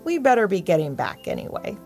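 A woman's voice: mid-range voice, huge pitch swings, fast talker, darkish tone, faint music behind. A woman voicing a cheerful, laid-back young male puppy who talks in casual slang. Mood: breezy.

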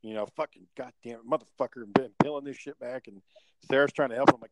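A man's voice: mid-range voice, fast talker, very noisy. A young adult man co-hosting a podcast, telling rambling, profanity-laced stories in casual chat. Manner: profane, rambling, animated storyteller. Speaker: podcast co-host.

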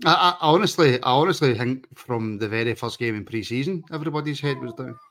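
A man's voice: mid-range voice, fast, fairly bright tone, a little hiss or hum. A man hosting a casual football podcast, chatty and joking as he wraps up the show. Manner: jokey, chatty sign-off patter. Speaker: podcast host.

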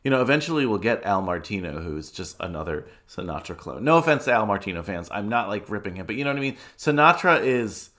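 A man's voice: lowish voice, very animated, fast, few pauses, a bit bright. A man co-hosting a podcast, talking casually and enthusiastically while recounting scenes. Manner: enthusiastic, talkative storyteller. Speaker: podcast co-host. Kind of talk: casual chat.

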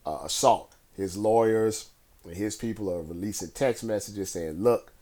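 Speaking at a normal speed in a somewhat low voice, a man rambles through current events by himself. His casual commentary is relaxed and conversational, full of fillers and restarts.

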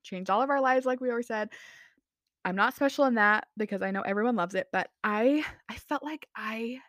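A woman's voice: a little high, a little fast, fairly bright tone, no room sound. Woman in her 20s, solo podcast host, casual and self-mocking, dry recording. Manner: chatty, rambling, self-mocking with many "like"s and "anyway"s.

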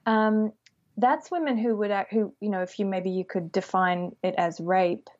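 A woman's voice: mid-range voice, steady tone, normal speed, a little mellow. Australian-raised woman, muffled audio. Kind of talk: casual podcast discussion.

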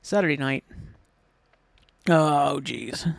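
An American man hosting his own solo podcast, rambling excitedly and swearing freely as he chats. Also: fairly high pitch, normal speed, dry recording, studio quality. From United States. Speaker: podcast host. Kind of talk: casual solo podcast chat.

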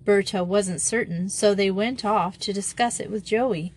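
A woman voicing a young headmistress who speaks in a brisk, decided way. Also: medium pitch, breathy edge. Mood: cheerful.

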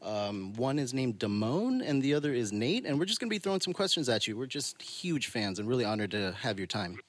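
A male podcast host with a middle-pitched, everyday voice talks easily with his co-hosts and greets a guest. He is affable and agreeable, and he backs up the others with frequent short assents. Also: very animated, brisk. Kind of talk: podcast chat and phone interview.

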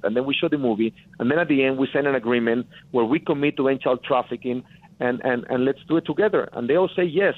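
A man's voice: mid-range voice, fast talker, no room sound. Mexican guy calling in, earnest and emphatic, keeps repeating himself, tinny phone sound. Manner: earnest, emphatic, repeats phrases, often says "brother". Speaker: guest film producer. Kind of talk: phone-in interview storytelling.

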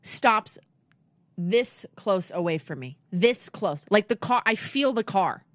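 Animated, cursing young woman storyteller. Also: mid-range voice, takes it slowly, no echo. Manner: animated, profane, big dramatic swings when quoting herself. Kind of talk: casual storytelling chat.

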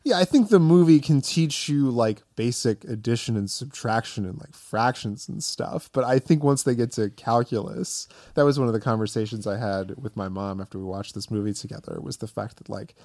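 Podcast co-host, male, mid-pitched, loose conversational delivery, dry studio sound. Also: normal speed, few pauses, a little mellow, no echo. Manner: conversational, lots of filler "like". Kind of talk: casual film discussion.

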